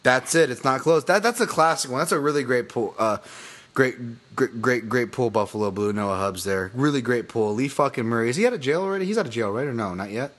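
A man's voice: medium pitch, expressive, fairly quick, fairly bright tone. Profane, rambling male podcast host. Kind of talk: casual sports podcast chat.

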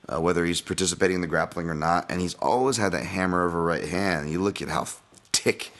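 Male podcast host, deep voice, casual profane banter, rambling fight analysis. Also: fairly bright tone. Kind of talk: solo sports betting breakdown, casual.

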